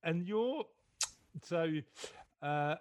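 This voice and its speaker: British host with a higher voice. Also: male voice, lively intonation, a little mellow, no echo, muffled recording. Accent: British English. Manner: friendly, halting, repeats words. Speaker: podcast host. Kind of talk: casual interview chat.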